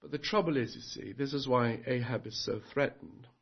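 A man's voice: mid-range voice, moderate pace, creaky, husky, muffled recording. A man preaching a sermon earnestly, putting rhetorical questions to his congregation.

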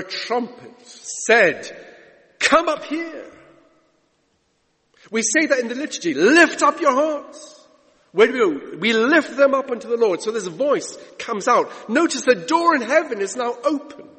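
Man preaching with big swooping pitch. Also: fairly bright tone. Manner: dramatic, swooping delivery, drawn-out words. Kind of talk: sermon. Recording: long echoey church reverb.

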